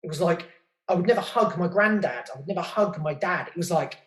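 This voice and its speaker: A man's voice: high voice, a little fast. Candid British man in a roomy room. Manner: open, rambling, swears freely, repeats words when stuck. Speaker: podcast guest and podcast host. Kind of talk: candid casual interview chat. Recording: roomy echo.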